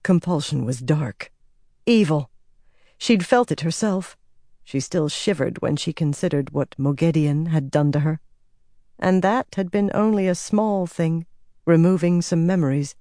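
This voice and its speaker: A woman reads fantasy audiobook narration at a measured, steady pace. Her tone is dark and mellow. The recording is dry and close. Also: deep voice, dry recording.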